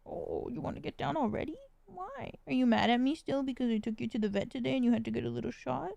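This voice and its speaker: Woman cooing softly to her cat. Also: on the high side, quick pace, gravelly, no echo, dull audio. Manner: cooing, drops to whispers. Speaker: streamer talking to her cat. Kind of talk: soft baby talk to a pet.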